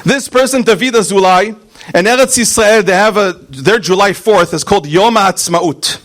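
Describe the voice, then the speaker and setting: A man, a rabbi, preaching a fiery sermon, punching out single words and then dropping to quiet asides. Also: sits high, normal speed. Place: synagogue.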